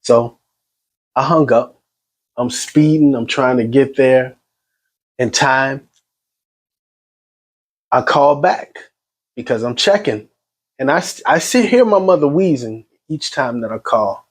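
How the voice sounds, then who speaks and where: A grieving man giving a personal spoken account in an agitated, halting way, full of restarts. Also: mid-range voice. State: shaken and grieving. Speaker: son recounting his mother's death.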